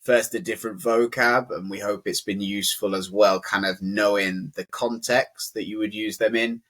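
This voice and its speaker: A man's voice: lowish voice, steady tone, moderate pace, a bit bright. A young man co-hosting an English lesson, chatting casually and dropping "like" into almost every phrase. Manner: chatty, fills speech with "like". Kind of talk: casual conversational teaching.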